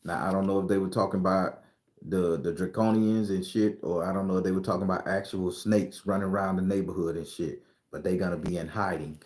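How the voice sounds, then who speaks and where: A man's voice: low-pitched, steady tone, brisk, darkish tone, echoey room. A man giving spiritual predictions in a loose, profane, emphatic way, laughing often. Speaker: spiritual reader sharing predictions. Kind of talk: casual spiritual vlog talk.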